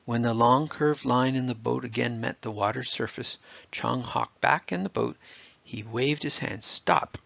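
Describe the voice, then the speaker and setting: A man with a gravelly, husky voice reading a children's story aloud in a steady, expressive way. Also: mid-range voice, moderate pace, no echo. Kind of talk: scripted storybook narration. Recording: dull lo-fi dry recording.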